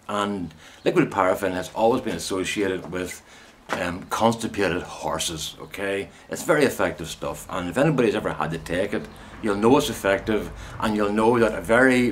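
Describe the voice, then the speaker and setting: A man's voice: fairly low pitch, slight background noise. A middle-aged man, chatting in a rambling, anecdotal way as he films himself outdoors in his garden. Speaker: gardening vlogger. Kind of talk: casual anecdotal vlog. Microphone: handheld camera he films himself with.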